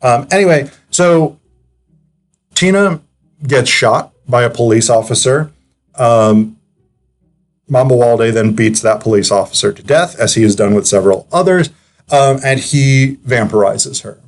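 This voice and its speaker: A man's voice: mid-range voice, a little slow, faint music behind. Chatty man reviewing a film. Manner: chatty, digressive, hesitant with filler words. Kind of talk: casual analytical commentary.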